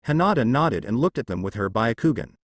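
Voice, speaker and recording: Guy reading a fan story out loud, lively up and down voice, dry close mic. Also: mid-range voice, fairly quick, no room sound. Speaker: narrator.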